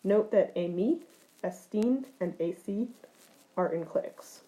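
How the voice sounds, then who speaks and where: A woman's voice: medium pitch, measured pace, mellow, poor audio. A woman teaching ancient Greek grammar in a recorded lecture, explaining forms step by step, with occasional fillers.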